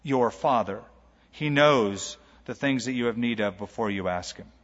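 A male pastor giving a sermon in an animated, emphatic and humorous way. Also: medium pitch, normal speed. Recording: lo-fi with long hall reverb.

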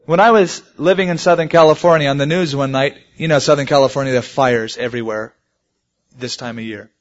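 A man's voice: medium pitch, brisk. A man preaching a sermon, telling stories and rising emphatically on the key points. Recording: muffled lo-fi sermon recording.

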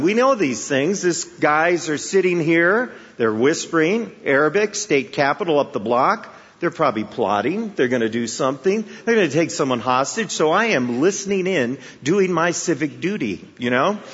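A guest preacher from the Chicago area delivers a sermon full of stories, speaking conversationally and with humor and putting rhetorical questions to the audience. His voice is a little high, a bit bright and husky. The recording sounds dull, captured in an echoey hall.

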